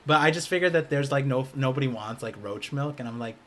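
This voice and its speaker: A man's voice: mid-range voice, fast talker, fairly bright tone. A young man co-hosting a podcast in casual chat, rambling with many restarts and fillers. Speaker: podcast co-host.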